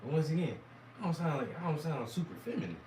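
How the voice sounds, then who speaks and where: A hoarse man rambles through a crude, mocking reaction rant with a lively, swooping delivery and a fairly high voice. He sits some way back from the mic in a roomy, echoing space, with a faint hiss underneath. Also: quick pace, far from the mic. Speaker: commentator reacting to debate clips. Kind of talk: profane reaction commentary.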